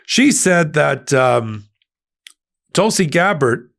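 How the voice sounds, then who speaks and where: A man's voice: sing-song, takes it slowly, creaky, fairly bright tone. A man hosting a political commentary channel, speaking emphatically and scornfully in a monologue. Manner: emphatic, scornful, sweeping pitch jumps. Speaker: host of a legal-political channel.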